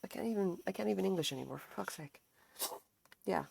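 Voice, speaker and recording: A woman's voice: animated, fast talker, vocal fry, darkish tone, a little hiss or hum. A tired woman chatting casually on a live stream while she crochets, rambling and self-deprecating, swearing now and then. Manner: rambling, self-deprecating, acts out quotes in higher voices.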